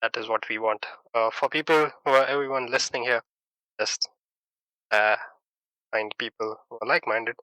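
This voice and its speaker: A man hosting a casual podcast chat, agreeable and relaxed. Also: mid-range voice, normal speed, pauses often, clean tone, dry recording, low-quality recording. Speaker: podcast host.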